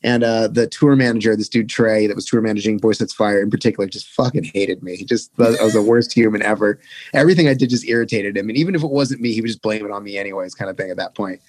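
A man's voice: lowish voice, fast talker, a little mellow, no echo. A young man casually telling a rambling, profane touring story as a podcast guest.

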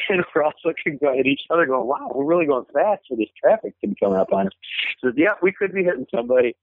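A man's voice: fairly high pitch, quick pace, no echo. A man telling stories as an interview guest, rambling with restarts and fillers and chuckling as he goes. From Michigan, USA. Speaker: interview guest, former punk band member. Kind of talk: casual storytelling in an interview. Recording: tinny phone line, dry.

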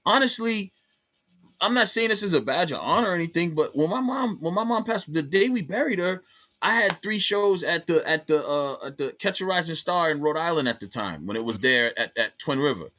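A man's voice: fairly high pitch, a little fast. A man who works as a stand-up comedian, talking bluntly and with plenty of swearing in a casual chat. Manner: blunt, profane, animated storyteller.

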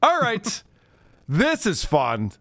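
A man's voice: high voice, wildly swooping pitch, extremely slow, vocal fry, fairly bright tone, no room sound, studio quality. Laughing, teasing male podcast host. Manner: laughs often, profane, teasing. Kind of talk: casual chat, reading viewer messages.

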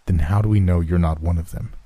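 A man's voice: deep voice, fairly even intonation, fast, dark tone, dry recording. A man doing a tense, skeptical young friend.

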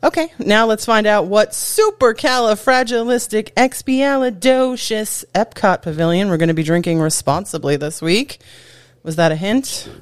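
A man's voice: sits high, moderate pace, clear, resonant tone, no echo, clean studio sound. A man co-hosting a casual theme park podcast, joking around and chatting loosely. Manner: jokey, tries silly put-on English accents. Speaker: podcast co-host.

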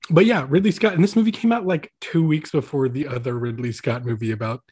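A man's voice: a little high, steady tone, fast, a little mellow, husky. Rambling man in casual chat. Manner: rambling, many "like" fillers. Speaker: podcast host.

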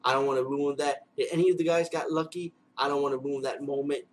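A man giving a casual unboxing and review vlog, excitable and rambling, swearing freely. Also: mid-range voice, fast, a little hiss or hum, poor audio. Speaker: movie reviewer.

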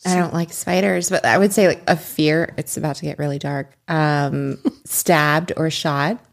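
Gravelly woman, laid-back chat. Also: deep voice, steady tone, a little slow. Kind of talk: casual podcast chat.

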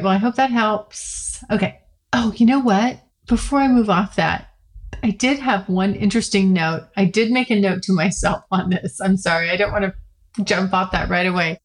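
A woman's voice: medium pitch, normal speed. Middle-aged woman, solo podcast host; frank, chatty, loose delivery with restarts. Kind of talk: casual solo podcast talk.

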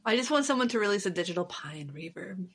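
A woman's voice: mid-range voice, expressive, husky. A woman hosting a podcast, chatting playfully and casually with her guest over a video call. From Seattle area. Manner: playful, quick to laugh. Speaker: podcast host. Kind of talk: casual chat.

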